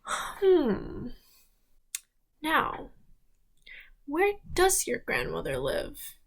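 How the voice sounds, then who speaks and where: Cunning male wolf with slow sly hums, creaky, woman doing him. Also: sits high, very animated, pitched above the performer's own voice, exaggerated voice. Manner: sly, drawn-out musing hums, whispered asides. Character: big bad male wolf, sly and scheming.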